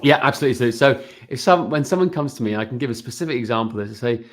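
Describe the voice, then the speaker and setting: A man's voice: mid-range voice, racing, hardly any pauses. A man on a podcast as a guest and business owner, talking energetically and often checking in with "right?". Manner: energetic, keeps adding "right?" tag questions. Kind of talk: casual podcast interview.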